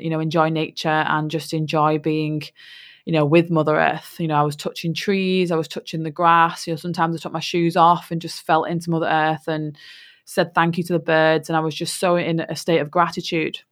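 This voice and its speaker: A woman's voice: low voice, level tone, normal speed, fairly bright tone. A woman hosting a spiritual podcast, telling a personal story in a heartfelt way with many "you know" fillers. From England.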